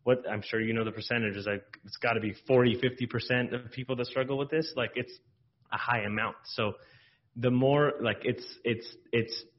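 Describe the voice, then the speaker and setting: An earnest man talks in a support group, circling his point with many fillers and restarts. His voice is mid-pitched. The recording is dull and lo-fi. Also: fairly even intonation, normal speed. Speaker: group participant. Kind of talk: group discussion.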